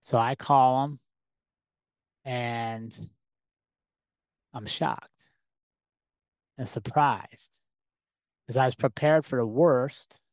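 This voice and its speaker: A man hosting a podcast, telling a personal story in a lively, conversational way full of rhetorical questions. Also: mid-range voice, no echo, clean studio sound. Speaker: podcast host. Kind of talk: casual storytelling monologue.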